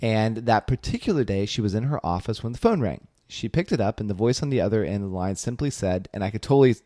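Low-voiced man chatting on a podcast. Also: quick pace, no room sound, clean studio sound. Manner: relaxed, chatty storytelling with fillers. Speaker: podcast co-host. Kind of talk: casual podcast chat.

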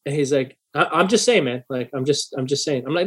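Husky-voiced man telling a heated story. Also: medium pitch, brisk. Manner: profane, animated, acts out heated dialogue. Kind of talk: casual storytelling.

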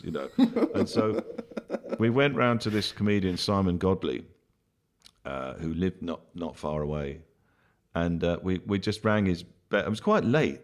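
Very deep-voiced man telling a rambling story. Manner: rambling with many fillers and restarts; laughs through his own story. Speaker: comedian guest. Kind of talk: anecdotal storytelling.

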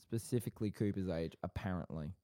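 A young man co-hosts a casual podcast, his low, mellow voice rambling along and turning theatrical when he teases. The sound is close and dry, with no room around it. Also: brisk, no echo. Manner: rambling, teasing and playfully theatrical. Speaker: podcast co-host.

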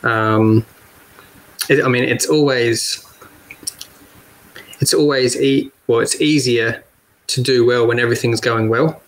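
A man with an Australian accent, a guest kart driver talking casually on a podcast, relaxed and quick to laugh. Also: medium pitch, low-quality recording. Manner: relaxed, laughs often, repeats words.

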